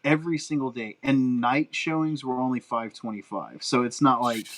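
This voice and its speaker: A middle-aged man, chatting on a podcast as co-host, an animated storyteller who laughs often. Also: mid-range voice, normal speed, low-quality recording. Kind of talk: casual chat.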